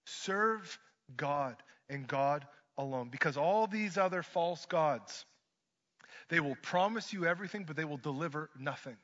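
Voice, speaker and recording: A man preaching a sermon, swinging from hushed lines to loud ones and mixing in joking asides. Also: on the high side, lively intonation, a little slow. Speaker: pastor. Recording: dull lo-fi sermon recording.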